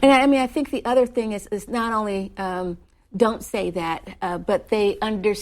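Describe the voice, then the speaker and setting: A woman, an author and professor, telling an anecdote in a relaxed interview, animated, with small laughs and quick restarts. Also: a little high. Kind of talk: conversational storytelling interview.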